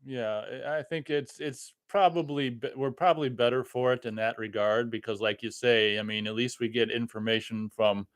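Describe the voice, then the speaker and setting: Easygoing man with a smooth, dry voice. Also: mid-range voice, fairly even intonation, moderate pace, hardly any pauses, no echo. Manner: easygoing, agreeable, short replies. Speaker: podcast co-host. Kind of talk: casual chat.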